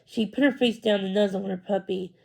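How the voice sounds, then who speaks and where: A woman reading a children's book aloud, narrating slowly, carefully and expressively. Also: mid-range voice, steady tone, gravelly, warm tone, low-quality recording. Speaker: storybook reader.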